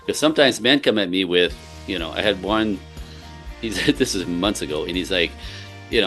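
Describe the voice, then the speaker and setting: Earnest low-voiced man coaching couples. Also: expressive, brisk, fairly bright tone, faint music behind. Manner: earnest, emphatic, laughs between points. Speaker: relationship coach for men. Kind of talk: casual podcast talk.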